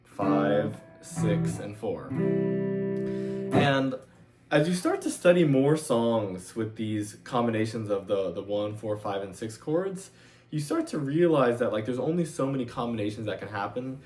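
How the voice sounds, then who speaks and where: Unhurried and lively in intonation, this medium-pitched man teaches guitar in a relaxed, talkative style, occasionally singing out chord numbers. His voice competes with loud guitar in the background.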